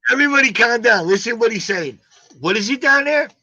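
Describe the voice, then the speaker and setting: An American man hosting a live stream, joking loudly and swearing in casual banter. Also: very high voice, animated, brisk, lo-fi sound, crowd noise. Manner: loud, joking, profane banter.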